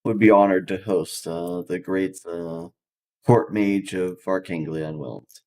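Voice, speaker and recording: A man's voice: low-pitched, a little slow, darkish tone. A man playing a tabletop game, describing his actions hesitantly with fillers. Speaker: player.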